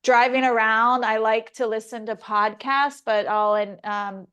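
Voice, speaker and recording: A woman sharing in an online mindfulness class over a video call, talking in a reflective and halting way with many fillers. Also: fairly high pitch, steady tone, fairly bright tone, clean tone. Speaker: class participant.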